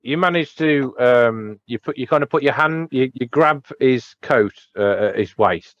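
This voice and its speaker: A man's voice: normal speed, fairly bright tone, no echo. DM type, male, rambling, laughing narration, dry lo-fi mic. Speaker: dungeon master. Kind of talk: narrating a tabletop game. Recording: dull low-fi dry mic.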